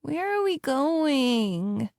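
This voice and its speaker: A woman's voice: sits high, very animated, very slow, creaky, darkish tone, no echo, clean studio sound, voice pushed up, full character voice. A woman voicing a defiant eight-year-old girl with a whiny, sulky way of talking.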